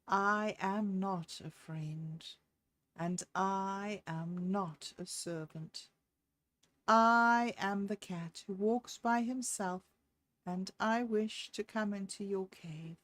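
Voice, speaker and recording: A woman voicing a proud, aloof male cat who speaks slowly and deliberately. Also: medium pitch, a bit bright, no room sound.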